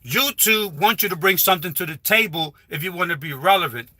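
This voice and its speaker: Man, high and bright-toned, rambling casual livestream advice, dry close phone sound. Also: brisk, no room sound. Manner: rambling, repetitive, with frequent restarts. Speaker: livestreaming YouTuber. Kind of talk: casual live stream advice talk. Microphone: phone held while livestreaming.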